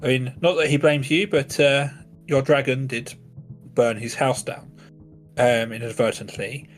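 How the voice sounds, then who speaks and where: A man's voice: medium pitch, steady tone, a little slow, faint music behind. Rambling man running a tabletop game. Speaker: game master. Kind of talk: narrating and voicing a tabletop game.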